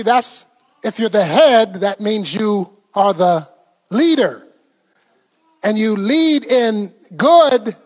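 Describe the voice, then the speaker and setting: A man's voice: extremely high pitch, in a large hall. A man preaching a sermon in a conversational way, quizzing the congregation and laughing often. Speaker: pastor.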